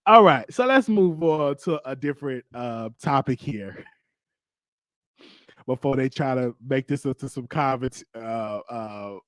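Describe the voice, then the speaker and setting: A man hosting a show, telling a comic story in a lively, joking monologue. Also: measured pace, dry recording, clean studio sound. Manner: animated storytelling, jumping into high voices for others. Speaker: host. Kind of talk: comedic monologue.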